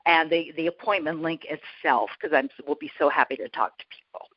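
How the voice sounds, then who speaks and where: A woman guest chatting in an interview, lively and self-deprecating, laughing often and a bit out of breath from walking around. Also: deep voice, brisk, dry recording, lo-fi sound. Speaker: guest, author and prayer coach. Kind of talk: casual interview chat.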